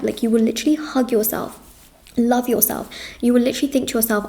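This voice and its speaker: A woman's voice: a little high, fairly even intonation, mellow. Earnest woman giving a tarot reading. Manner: earnest, repetitive, reassuring; lists things in quick runs. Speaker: tarot reader.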